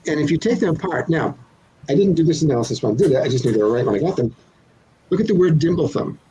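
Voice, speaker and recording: A man's voice: fairly high pitch, lively intonation, quick pace, mellow, slightly rough, poor audio. An older man, a children's author being interviewed, explaining his craft in a thoughtful, playful way with examples. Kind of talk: relaxed interview answers.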